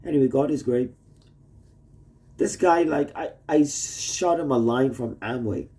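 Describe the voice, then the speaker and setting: Unhurried and mellow, with a mid-range voice, a male vlogger films a rambling video message to his wife, full of profanity and topic jumps. He's indoors at a home shared with roommates who are asleep.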